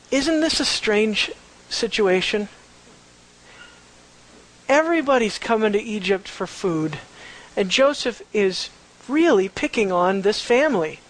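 Animated high-voiced male preacher. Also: unhurried, pauses often, rough recording. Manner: animated, conversational, full of rhetorical questions. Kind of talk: verse-by-verse Bible teaching.

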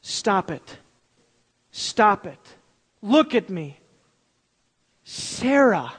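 A preacher acting out God as a calm, firm, gentle voice speaking to Abraham, lower and quieter than their own voice, with a long hall echo. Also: husky, exaggerated voice. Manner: slow, measured, solemn. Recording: long reverb of a large hall.

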